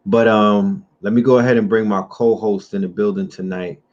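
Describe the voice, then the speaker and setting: A man hosting a livestream talk show, speaking in a slow, drawn-out and emphatic way. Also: lowish voice, little pitch movement, a little mellow. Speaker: host. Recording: dull muffled audio with faint noise.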